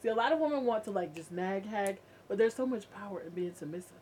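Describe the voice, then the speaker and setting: Lively giggly advice-giving woman. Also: mid-range voice, fast talker, slight background noise. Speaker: podcast guest. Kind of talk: casual podcast chat.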